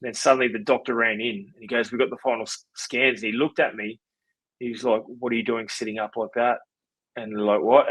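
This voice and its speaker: A man in his forties with an Australian accent, a podcast guest telling his story in a relaxed, rambling way with lots of fillers. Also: medium pitch, husky, dry recording, rough recording. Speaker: podcast guest, former rugby league player. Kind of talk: casual storytelling interview.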